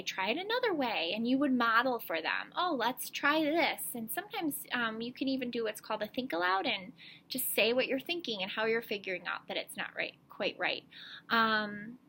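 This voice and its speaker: Casting: female reading specialist, fairly high bright voice, chatty teacher tone explaining tips to parents, lots of ums. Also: a little hiss or hum. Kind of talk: informal instructional talk to parents.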